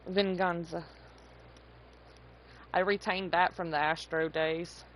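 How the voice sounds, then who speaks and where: A woman's voice: lowish voice, flat delivery, slow, slight background noise, low-quality recording. A woman streamer chatting casually and profanely with her viewers, teasing and laughing. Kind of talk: casual live-stream chat.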